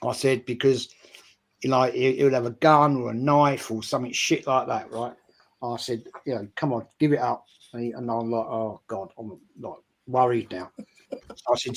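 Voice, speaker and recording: A man's voice: mid-range voice, steady tone, moderate pace, breathy edge. An older English man on a video call, telling a casual anecdote with lots of swearing, acting out the people he quotes. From England. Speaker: stream guest. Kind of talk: casual storytelling.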